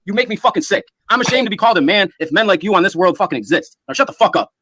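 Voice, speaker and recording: A man's voice: sits high, lively intonation, a little hiss or hum. A man on an online panel, ranting and hurling profane insults. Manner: shouting insults, profane, rapid tirade. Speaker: panel speaker. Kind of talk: heated online panel argument.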